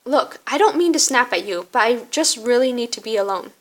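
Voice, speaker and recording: A hurt young college woman, curt and sarcastic, wanting to be left alone, as a woman reading a story game acts her out. Her voice runs a touch high. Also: animated, fairly quick.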